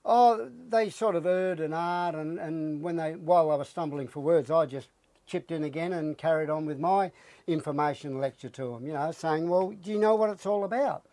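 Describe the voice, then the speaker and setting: Animated Australian man telling a story. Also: a little high, moderate pace, no echo. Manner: animated storytelling, acts out his own lines. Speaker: interview guest. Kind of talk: casual interview.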